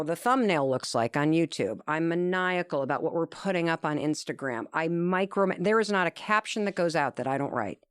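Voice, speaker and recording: A woman's voice: sits low, clean tone, no echo, clean studio sound. A woman telling an earnest, emphatic story as a guest in an interview conversation. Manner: animated, acts out quoted dialogue.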